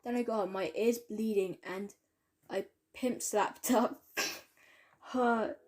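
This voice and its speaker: A woman's voice: medium pitch, fairly even intonation, slow pace. A woman reading a fan-made story aloud in a casual way, stumbling over words and correcting herself. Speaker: reader of fan fiction.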